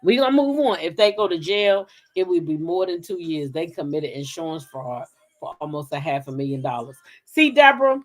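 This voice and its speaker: In her low, lively voice, a middle-aged gossip-channel host speaks at normal speed, chatting openly with her live-stream audience, reading their comments and swearing freely.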